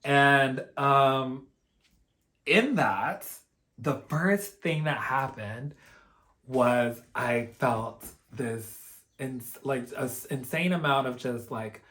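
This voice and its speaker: Guy rambling thru a personal story, lots of "like", earnest and emotional, medium-pitched voice. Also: drawn-out words, a bit bright. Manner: rambling, heavy use of "like" and "you know". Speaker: spiritual vlogger.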